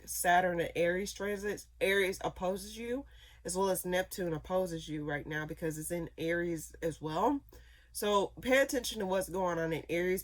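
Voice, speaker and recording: A woman giving a casual tarot reading, talking in loose rambling sentences full of fillers, restarts and repeated phrases. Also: fairly low pitch. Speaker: tarot reader.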